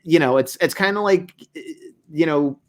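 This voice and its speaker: A man's voice: a little high, moderate pace. A man hosting a casual review discussion, rambling and reasoning aloud. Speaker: host.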